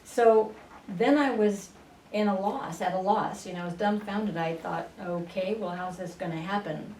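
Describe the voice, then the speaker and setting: A woman being interviewed on a radio show, telling her story at an unhurried pace with many fillers and restarts. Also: mid-range voice, darkish tone. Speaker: interview guest, spiritual channeler. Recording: roomy, distant radio studio sound with faint noise.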